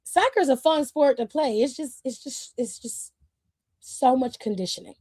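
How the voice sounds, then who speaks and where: A high-pitched woman hosts a casual livestream, talking to her viewers in a blunt, sassy way. She swears freely and laughs often. Her voice is close and dry, with no room sound around it. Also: moderate pace, warm tone, dry recording. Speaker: streamer host.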